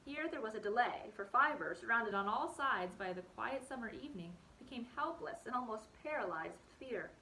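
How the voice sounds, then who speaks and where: Bright, lively woman reading a story aloud. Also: on the high side, moderate pace, few pauses, a little hiss or hum, rough recording. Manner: expressive, storytelling. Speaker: teacher. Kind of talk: reading a novel aloud to a class.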